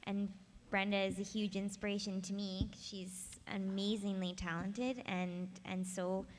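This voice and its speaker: A woman's voice: mid-range voice, little pitch movement, a little slow. Sincere woman voice actress, echoey hall. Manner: sincere, appreciative. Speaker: voice actress panelist. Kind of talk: convention panel talk. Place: convention hall. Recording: echoey hall with faint ambience.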